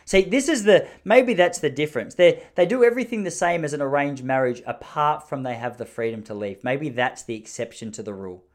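Man, sarcastic rambling host, slightly higher voice, casual comedic monologue. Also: lively intonation, brisk, hardly any pauses.

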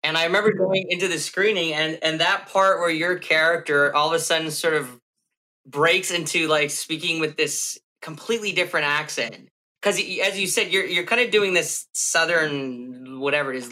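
A man's voice: on the high side, steady tone, normal speed, bright, forceful tone, rough recording. A man hosting a podcast, chatting casually and recalling his own anecdotes. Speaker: podcast host. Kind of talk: casual interview chat.

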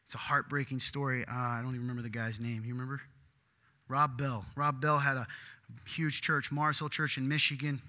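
Animated preacher with a bright voice. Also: male voice, medium pitch, brisk, big-room sound. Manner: animated, rising to loud emphatic bursts. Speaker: pastor. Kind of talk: sermon. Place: church.

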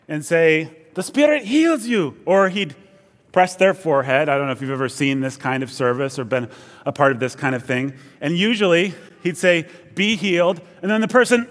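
Male pastor, storytelling sermon, higher voice, reverberant sanctuary. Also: a bit bright. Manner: storytelling, conversational with wry asides. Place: church.

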